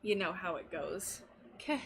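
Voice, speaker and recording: A woman's voice: fairly low pitch, animated, unhurried, vocal fry, slightly rough. A woman chatting casually with her live-stream audience while crafting, giggly and talking to her pet. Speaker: stained glass streamer.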